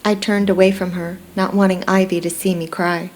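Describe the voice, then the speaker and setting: A woman narrating a first-person romance audiobook in a steady, reflective storytelling manner. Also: on the low side, moderate pace, a little hiss or hum.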